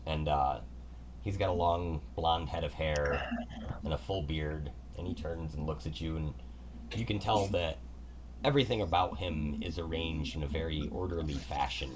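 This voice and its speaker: Deep-voiced man narrating a tabletop game. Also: normal speed, slight background noise. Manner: casual, descriptive, with fillers. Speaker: game master.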